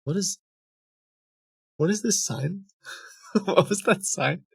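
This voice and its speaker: A man's voice: high voice, takes it slowly, dry recording. A man streaming live, reading scam emails aloud with amused, chuckling, rambling asides. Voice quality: creaky.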